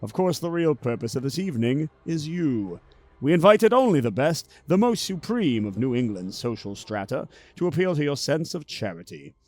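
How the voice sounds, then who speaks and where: A man's voice: a little high, a little mellow, pitched above the performer's own voice. A man voicing a stately, triumphant male gala chairman in a grand, theatrical manner.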